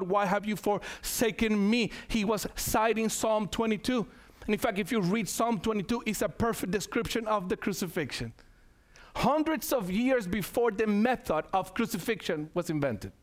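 Preacher, man, high-pitched, emphatic sermon delivery, repeats lines for emphasis. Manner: emphatic, calls to the congregation, repeats phrases.

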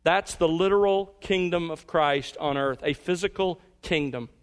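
A man with a somewhat higher voice preaching a verse-by-verse sermon from the pulpit. He speaks in an emphatic, measured way and slows down to lean on the words that matter. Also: clean tone. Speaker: pastor. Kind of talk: expository sermon.

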